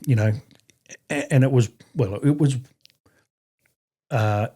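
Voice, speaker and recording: Halting middle-aged Australian man, mellow voice. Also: mid-range voice, breathy edge. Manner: halting, full of fillers and restarts, blunt with swearing. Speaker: podcast guest, army veteran. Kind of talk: casual conversational storytelling.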